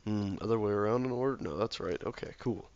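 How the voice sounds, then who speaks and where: Brief: hoarse sick guy, lowish voice, mumbly gameplay commentary on a dull lo-fi mic. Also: quick pace. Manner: mutters to himself, often drops to a soft, near-whispered voice. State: hoarse from illness. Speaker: gameplay video maker.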